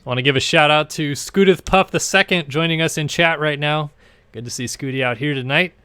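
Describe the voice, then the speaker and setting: A man hosting and calling an online motocross race stream, jokey and casual, getting excited at the start. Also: on the high side, a little fast, clean tone, no room sound. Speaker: race commentator and stream host. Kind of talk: casual play-by-play commentary.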